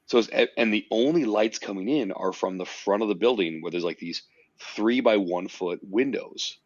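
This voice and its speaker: A man with a fairly low voice hosts a casual podcast, telling an animated story and swearing freely. The sound is dull and lo-fi, dry with no room around it. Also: normal speed, no room sound. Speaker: podcast host.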